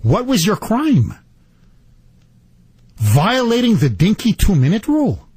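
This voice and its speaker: A man hosting a talk radio show, delivering an indignant, rapid-fire political monologue. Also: sits high, huge pitch swings, darkish tone, husky, dry recording.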